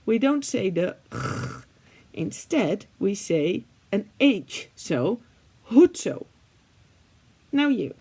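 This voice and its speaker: A woman's voice: medium pitch, very animated, takes it slowly, gravelly, darkish tone, breathy edge. A Dutch woman, a native Dutch speaker, chatting casually to her viewers in English with a faintly British-leaning Dutch accent, chatty and self-deprecating, with lots of fillers. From Netherlands. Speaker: art vlogger. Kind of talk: casual chat to camera.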